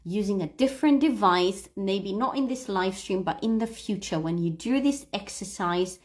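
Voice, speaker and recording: A woman teaching English in a livestream, coaching listeners to read aloud and repeat, stressing key words slowly and clearly. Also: medium pitch.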